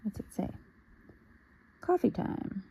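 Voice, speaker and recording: A woman's voice: takes it slowly, dark tone, slight background noise, low-quality recording. A woman casually showing a fabric haul, musing aloud and sometimes dropping to a near-whisper. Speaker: sewing vlogger. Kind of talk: casual show-and-tell haul.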